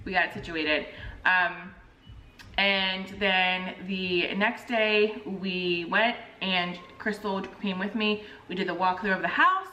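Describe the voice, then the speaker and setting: A woman in her thirties chatting casually to camera as a vlogger, telling a story in an animated way and acting out the people in it. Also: medium pitch, takes it slowly, muffled recording, slight background noise. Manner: animated storyteller, acts out quoted phone calls. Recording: roomy echo, mic at a distance.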